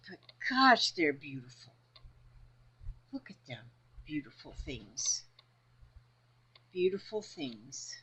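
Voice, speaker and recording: A woman's voice: low voice, very animated, slow, long pauses, pushed and bright, slightly rough, low-quality recording. A woman chatting casually about her quilting fabric, rambling and talking half to herself. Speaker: crafting vlogger. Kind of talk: casual crafting vlog.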